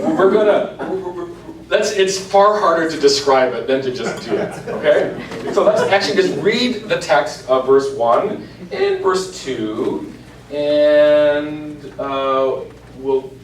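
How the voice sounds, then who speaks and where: A slightly high, animated voice takes things slowly on a distant mic. The man, a church cantor, gives an informal lecture to an adult class in a church meeting room, chanting example lines rhythmically, and the echoey room leaves his voice sounding far off with a faint hiss.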